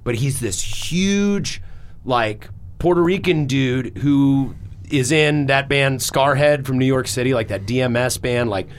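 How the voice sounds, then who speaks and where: A man hosting a podcast, his voice sitting in an ordinary middle pitch. He talks casually, in a rambling and emphatic way, with plenty of fillers and swearing. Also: unhurried. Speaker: podcast host.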